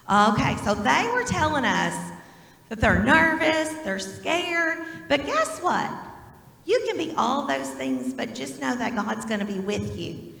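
Woman, children's church message, gravelly voice, echoey hall with long reverb. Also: medium pitch, a bit bright. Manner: questioning and encouraging, talks to children. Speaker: teacher leading a children's message. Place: church sanctuary.

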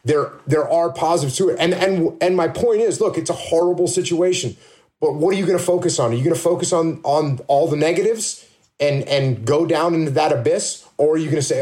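A man's voice: on the high side, brisk, dark tone. A man speaking as a leadership consultant in a casual podcast conversation, blunt and emphatic, often firing rhetorical questions.

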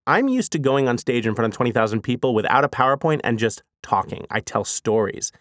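A man in his forties talks about his work in a quick, energetic rush, his pitch jumping all over the place. He leans on "you know" and "like" as he goes. The sound is dry and close, with no room echo. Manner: fast, energetic talker who fills speech with "you know" and "like". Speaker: author. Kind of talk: casual spoken reflection.

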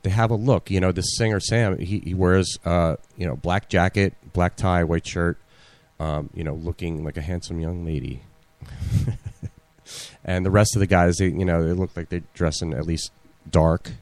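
Deep-voiced rambling male podcast host. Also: steady tone, normal speed, a little mellow, dry recording. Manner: rambling, many fillers and restarts. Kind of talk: casual chat.

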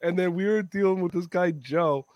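A man's voice: high voice, moderate pace, a little mellow, no room sound, lo-fi sound. A Canadian man on a podcast, telling a story in casual chat, swearing freely and acting out the people he quotes. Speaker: podcast co-host.

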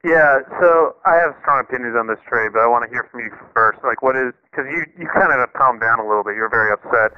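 Smooth-voiced male co-host, dull lo-fi sound. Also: mid-range voice, fast talker, few pauses. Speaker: sports podcast co-host. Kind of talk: casual sports talk.

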